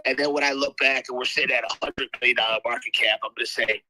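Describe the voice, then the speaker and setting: This tired, half-asleep man promotes his crypto coin with loud, profane hype in a live audio chat. His medium-pitched voice is steady, bright and forceful, he talks fast, and the recording is rough.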